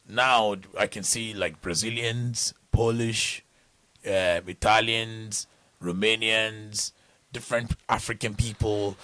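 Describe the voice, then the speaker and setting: A middle-aged man from Nigeria, his voice lowish and a touch bright, rambles through stories as a guest on a podcast. His casual delivery is full of false starts and restarts.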